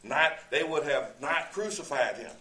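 A man's voice: a little high, animated, measured pace, pushed and bright. A male preacher teaching a sermon verse by verse, conversational, quoting scripture and asking rhetorical questions. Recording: echoey room, distant mic.

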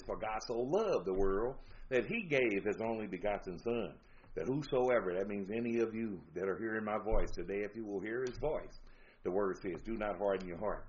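A man preaches an emphatic sermon in a lowish voice, reading out scripture as he goes. The recording is dull and lo-fi. A faint hiss sits under it.

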